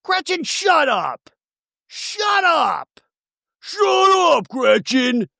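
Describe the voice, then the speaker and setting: A man doing a high, shrill impression of an angry, foul-mouthed woman reality star who shouts in drawn-out words. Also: big pitch swings, creaky, no room sound, studio quality, full character voice. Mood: furious.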